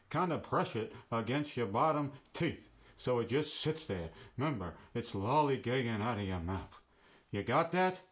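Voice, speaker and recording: An actor playing a grumpy middle-aged man with a Yiddish accent, demonstrating the accent with a slow, drawling, lilting delivery. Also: medium pitch. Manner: slow and drawling, with a rising then falling lilt.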